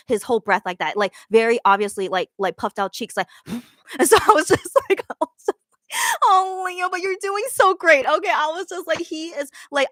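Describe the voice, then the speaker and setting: A woman with a somewhat high voice tells a rambling story, laughing often and restarting her sentences. Her talk swoops up with excitement as she piles on fillers. The sound is close and dry, with no room around it. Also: dry recording. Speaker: fan recounting a theater show. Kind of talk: casual storytelling.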